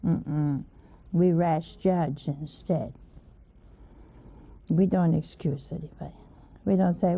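Gravelly woman preaching over a tinny line. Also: low voice, fairly even intonation, slow pace, long pauses. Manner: folksy, questioning, chuckling asides. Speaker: religious teacher. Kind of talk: informal sermon. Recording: tinny phone-like old recording.

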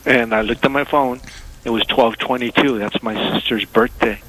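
A man calling into a radio show, telling a story haltingly with many pauses and fillers. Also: medium pitch, steady tone, a bit bright, low-quality recording. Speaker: caller.

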